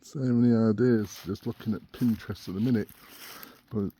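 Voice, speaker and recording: A man's voice: on the low side, steady tone, moderate pace, warm tone. A man chatting casually in a home renovation vlog, laid-back, often chuckling. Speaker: vlogger renovating a house. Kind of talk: casual vlog chat to camera. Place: outdoors on a rural property and indoors in a small kitchen.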